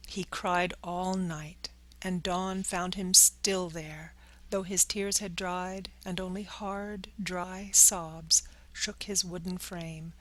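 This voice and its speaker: Woman reading an audiobook, slow and careful, mid pitch. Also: fairly bright tone, low-quality recording. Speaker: audiobook reader. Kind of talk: audiobook narration.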